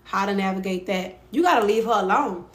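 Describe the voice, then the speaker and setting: A woman's voice: medium pitch, brisk, echoey room. A woman with a Louisiana accent hosting a livestream and giving advice in a blunt, sassy, profane way, often tagging on "right?". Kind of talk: casual livestream advice talk.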